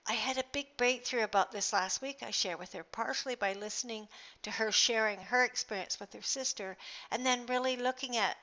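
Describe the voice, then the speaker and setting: A woman's voice: fairly high pitch, pushed and bright. A middle-aged woman sharing personal reflections in a casual, earnest, rambling monologue. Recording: dull lo-fi recording.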